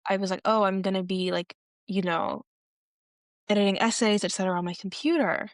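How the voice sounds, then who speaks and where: Young woman podcast cohost, chatty storytelling, mid pitch, dry close mic. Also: brisk, no room sound. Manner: animated, acts out quoted people with pitch jumps. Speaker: podcast co-host. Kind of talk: casual storytelling chat.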